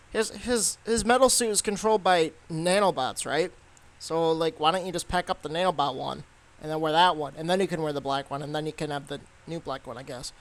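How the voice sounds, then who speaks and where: A man's voice: high voice, fairly bright tone. A young man giving a casual, rambling movie review, full of fillers and restarts.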